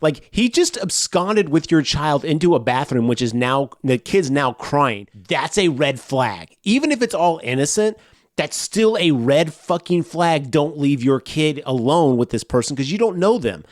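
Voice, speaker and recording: A man's voice: on the high side, unhurried, no echo, studio quality. A man co-hosting a podcast, casually retelling a movie's scenes with swearing and acted-out lines. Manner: animated retelling, swears, acts out characters' lines. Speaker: podcast co-host.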